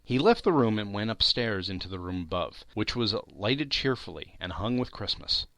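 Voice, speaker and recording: Lively, bright male audiobook narrator. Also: lowish voice, normal speed, no room sound. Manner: expressive, voicing characters in quotes. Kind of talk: scripted narration.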